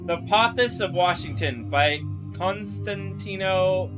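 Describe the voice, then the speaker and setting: Brief: male streamer, somewhat high voice, reads captions aloud then reacts, music underneath. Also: lively intonation, unhurried. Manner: reads on-screen text aloud, then comments. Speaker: streamer reacting to a video series. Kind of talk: live reaction with read-alouds. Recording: music playing behind the voice.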